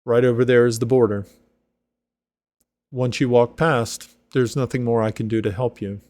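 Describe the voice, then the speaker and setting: A man voicing a courteous male elven commander who speaks in formal, measured sentences. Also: medium pitch, fairly even intonation, darkish tone, no echo, natural voice.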